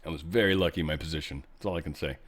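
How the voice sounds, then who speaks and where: A man's voice: very deep voice, rapid-fire. A man hosting a podcast, talking through the news in a rambling, offhand way and correcting himself as he goes. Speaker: podcast host. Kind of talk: casual political commentary monologue.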